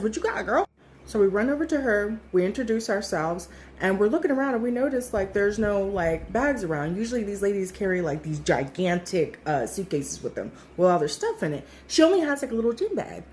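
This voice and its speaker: Animated, swearing woman telling a story. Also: medium pitch, a little hiss or hum. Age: 30s. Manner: chatty, emphatic, swears freely, animated quoting. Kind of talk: casual storytime monologue.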